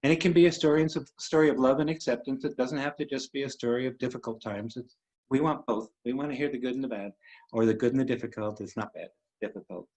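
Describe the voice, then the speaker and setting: A man hosting a web series, telling a personal story in an emotional, halting way with many pauses. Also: mid-range voice, a little mellow, rough recording.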